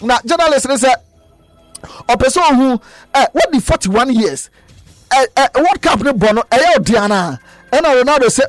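A Ghanaian man with a very high voice reads the sports news on the radio. He tells his stories with lively, acted-out quotes, and the sound is close and dry. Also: normal speed, pauses often, no room sound, faint music behind. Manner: lively, storytelling with mimicked quotes.

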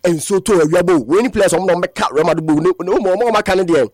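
A man presenting a radio sports news bulletin, talking fast and sometimes slipping into a sing-song lilt. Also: high voice, a little mellow, slightly rough, no room sound, studio quality.

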